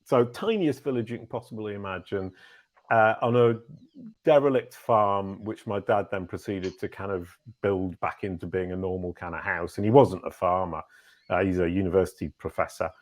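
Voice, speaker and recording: A man in his fifties from Yorkshire with a slight Yorkshire accent, a lively, self-deprecating podcast guest. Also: low-pitched, normal speed. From Yorkshire, England. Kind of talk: casual interview chat.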